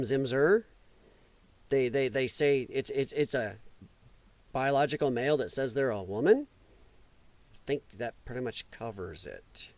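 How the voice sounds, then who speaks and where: A man's voice: fairly high pitch, dry recording. A man hosting a live political commentary show, ranting in an exasperated, mocking and profane way. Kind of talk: live solo political rant.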